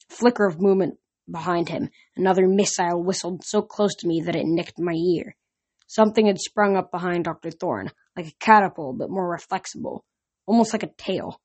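A woman's voice: fairly low pitch, a little fast, darkish tone, husky. A woman reading a novel aloud, narrating in an unpolished way with frequent slips and restarts. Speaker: reader.

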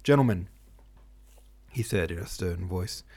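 A man reading a novel aloud as host, in steady, measured narration. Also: low voice, vocal fry. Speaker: host and audiobook reader. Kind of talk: scripted narration.

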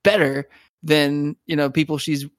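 A man's voice: fairly high pitch, little pitch movement, a little slow, dry recording, clean studio sound. Rambling man in casual podcast chat. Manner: rambling, many restarts and "like" fillers, laughs often. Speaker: podcast co-host.

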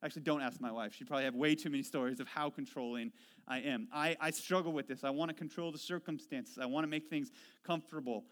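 A man preaching a sermon, telling self-deprecating stories that swing from quiet reflection to animated retelling. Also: a little high, fast. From Washington State. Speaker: pastor.

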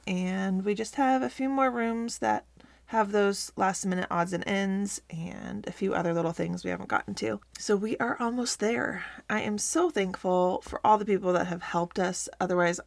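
A woman's voice: mid-range voice, creaky, no room sound. A woman in her thirties hosting a faith-based mom podcast, talking casually and earnestly from a home closet with a slightly scratchy morning voice. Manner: upbeat, earnest, encouraging. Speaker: podcast host.

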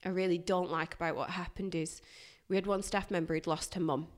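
A woman, a guest recounting a hard workplace experience in a candid, animated way. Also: fairly low pitch, brisk. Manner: animated, emphatic retelling with bursts of loudness. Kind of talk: candid personal storytelling.

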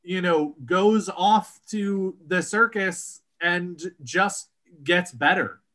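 A man co-hosting a casual podcast about a book series, talking in animated, emphatic bursts. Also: sits high, slow pace. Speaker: podcast co-host.

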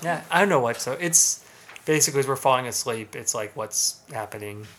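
A man's voice: medium pitch, expressive, fairly quick, a bit bright, a little hiss or hum. Joking man in casual podcast chat. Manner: laughs often, tells jokes with put-on voices. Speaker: podcast co-host.

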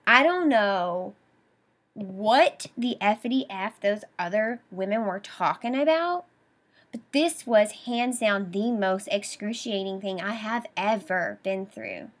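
A woman's voice: medium pitch, animated, slow. A young adult woman hosting a podcast, retelling a painful personal story with emotion and quoted dialogue. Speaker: podcast host.

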